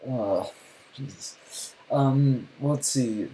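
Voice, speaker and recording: A man's voice: medium pitch, lively intonation, takes it slowly, dark tone, low-quality recording. A man streaming a live reaction, talking casually with sarcastic, rambling remarks and frequent restarts.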